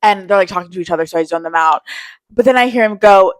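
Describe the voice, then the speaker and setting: A woman's voice: medium pitch, fast, no room sound, rough recording. A young woman in casual vlog chat, telling candid stories about her day and swearing freely. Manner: chatty storytelling, candid and swearing. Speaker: vlogger.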